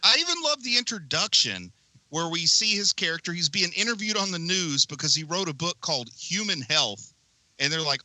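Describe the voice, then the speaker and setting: A man's voice: fairly high pitch, lively intonation, fairly quick, sharp tone, dry recording, rough recording. A young man co-hosting a casual movie podcast from his basement, rambling enthusiastically with lots of fillers. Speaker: podcast co-host. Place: home basement.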